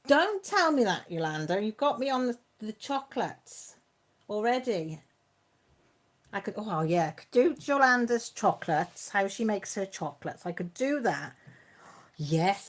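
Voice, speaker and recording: A chatty woman hosts a relaxed live stream, answering her viewers by name. She laughs easily and keeps things informal, at a middling pitch for a woman. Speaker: channel host reading live chat. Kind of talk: casual live-stream chat.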